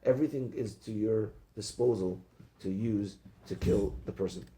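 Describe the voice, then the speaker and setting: A man, a rabbi, teaching a Talmud class, reading out the text and translating it into casual talk, with many halting restarts. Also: lowish voice, mellow.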